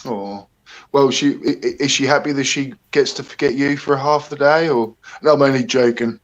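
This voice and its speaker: A man's voice: medium pitch, normal speed, highs cut off. Man hosting a chatty livestream. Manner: chatty, hesitant, greets viewers by name. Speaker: livestream host. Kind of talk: casual live-stream chat.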